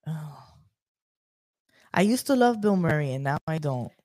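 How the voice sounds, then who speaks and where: Animated woman ranking movies, lively pitch. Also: unhurried, dry recording, clean studio sound. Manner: animated, swears freely, laughs often. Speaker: co-host. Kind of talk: casual livestream chat.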